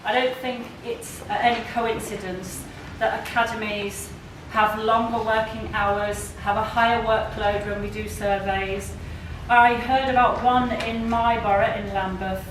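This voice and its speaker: A woman's voice: a little high, fairly even intonation, a little slow, hardly any pauses. Woman speaking in an echoey hall. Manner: earnest, building lists, some restarts. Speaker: speaker at a public meeting. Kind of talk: public meeting speech. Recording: echoey hall, far from mic, noisy.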